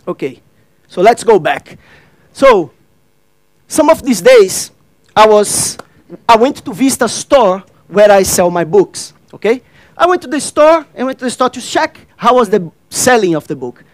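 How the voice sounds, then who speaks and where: Man giving a workshop talk, very high voice, dry close sound, asks the crowd questions. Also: dry recording, low-quality recording. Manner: addresses and questions the audience, acts out dialogue; non-native grammar, repeats phrases. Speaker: workshop speaker. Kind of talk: interactive stage talk.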